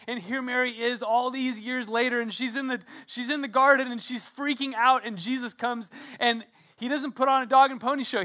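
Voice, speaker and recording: A middle-aged male pastor preaching a passionate sermon, swinging between loud emphatic declarations and hushed, intimate passages. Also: extremely high pitch, steady tone, normal speed, few pauses.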